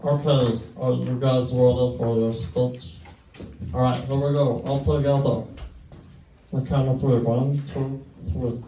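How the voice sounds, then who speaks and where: A man at a children's church putting on the voice of Stitch, a small mischievous blue alien, leading kids through a memory verse slowly. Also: medium pitch, level tone, dark tone, a little hiss or hum, lightly acted. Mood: gruff playful. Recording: echoey room, distant mic.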